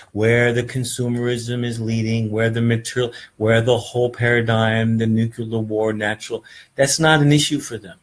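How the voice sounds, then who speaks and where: A man's voice: medium pitch, low-quality recording. A man giving a casual, rambling meditation lesson, earnest and often checking in with "right?". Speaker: meditation teacher.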